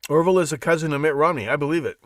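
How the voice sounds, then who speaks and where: A man hosting a live podcast, talking in a rambling, animated monologue full of restarts and asides. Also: fairly high pitch, rapid-fire, no echo, studio quality. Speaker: podcast host. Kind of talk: casual monologue on a live show.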